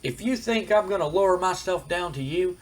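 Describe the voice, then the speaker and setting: A man voicing a cocky, boastful male pro wrestler in a game recap, with brash, stammering bragging and a husky voice. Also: high voice, animated, brisk, pitched above the performer's own voice, rough recording.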